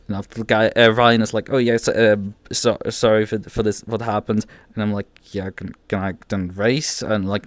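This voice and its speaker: A man's voice: medium pitch, animated, unhurried, dry recording. A man streaming live, ranting in a casual, exasperated way, swearing often and stumbling over restarts. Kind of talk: casual livestream rant.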